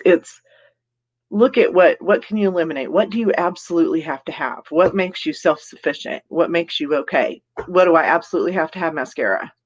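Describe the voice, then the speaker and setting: A woman's voice: deep voice, dull audio. Chatty giggly woman live-streaming. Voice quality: giggly, laughs often between remarks. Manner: chatty and rambling, greets viewers by name. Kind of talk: casual live stream chat, reading comments.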